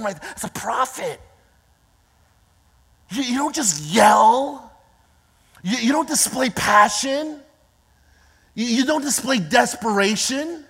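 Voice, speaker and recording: A woman's voice: a little high, slightly rough, full character voice. A woman putting on a bossy shushing churchgoer. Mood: scolding hush. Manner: hushed scolding, then loud and stern. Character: bossy shushing religious bystander, self-important. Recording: long reverb of a large hall.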